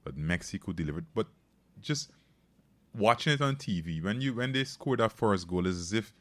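A man co-hosting a morning show, chatting about sports with halting, repeated words. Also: lowish voice, animated, fairly bright tone, dry recording. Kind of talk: casual chat.

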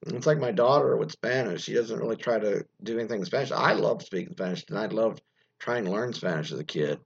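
A man in casual commentary, his voice a bit husky and worn. He rambles with plenty of restarts and opinionated asides. The recording sounds dull and slightly muffled. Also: lowish voice, fairly quick. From United States. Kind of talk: casual commentary, reading news aloud.

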